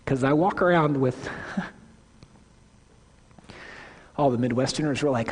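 Husky-voiced man preaching in a reverberant church. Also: mid-range voice, takes it slowly, long pauses, a little mellow. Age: 40s. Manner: conversational, self-correcting, earnest. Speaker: lead pastor. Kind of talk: sermon. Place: church sanctuary. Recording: long hall reverb.

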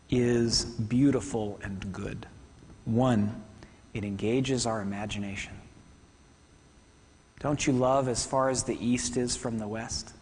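A man preaching a sermon to a congregation, talking fast and conversationally with asides. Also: mid-range voice, in a large hall, slight background noise. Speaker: pastor. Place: church hall.

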